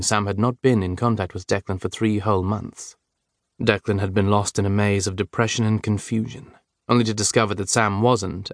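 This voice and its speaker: Low-voiced man narrating an audiobook. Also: dry recording, clean studio sound. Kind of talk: scripted narration.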